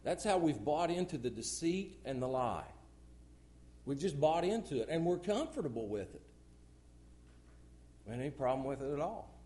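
A middle-aged man preaching a sermon in church, swinging from loud outbursts to hushed, low asides. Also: big pitch swings, moderate pace, pauses often.

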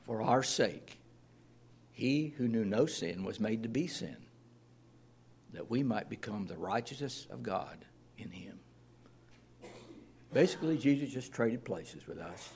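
A man's voice: fairly low pitch, expressive, measured pace, creaky, pauses often, darkish tone, slight background noise. A man preaching a sermon as pastor, plain-spoken and earnest, reading scripture aloud.

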